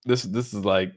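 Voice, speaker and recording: A man's voice: fairly low pitch, a bit bright, clean tone. A young man hosting a live crypto stream, reacting to his chat with frequent laughter and lots of "dude". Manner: laughs often, says "dude" a lot, giddy and amused. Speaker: crypto livestream host.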